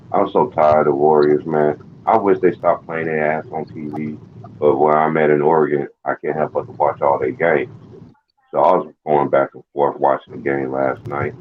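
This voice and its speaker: A man on a sports panel call, ranting in a profane, exasperated way. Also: a bass voice. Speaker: panel guest. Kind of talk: heated sports chat. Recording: dull lo-fi call audio with faint noise.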